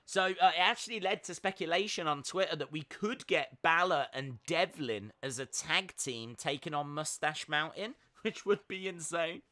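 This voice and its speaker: Chatty bright-voiced man reacting live. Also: a little high, moderate pace, hardly any pauses. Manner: chatty, upbeat, many fillers, reads out chat. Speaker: live-stream reaction host. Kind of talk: casual live wrestling watch-along commentary.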